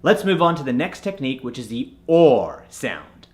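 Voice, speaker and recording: Lively-voiced male accent coach. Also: medium pitch, moderate pace. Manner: clear, instructive, spells out sounds letter by letter. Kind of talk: instructional lesson.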